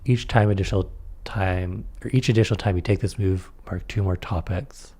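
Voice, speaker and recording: A man's voice: low-pitched, steady tone, a little fast, mellow, breathy edge. A man reading aloud through a tabletop game rulebook and adding casual comments on the rules. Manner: reads rules aloud, then comments offhandedly.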